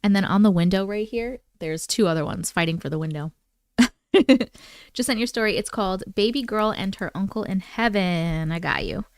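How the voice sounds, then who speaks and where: A woman's voice: mid-range voice, moderate pace, dry recording, clean studio sound. A woman hosting a live stream, casually chatting with viewers, reading their comments aloud and cooing at her cats. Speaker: livestream host.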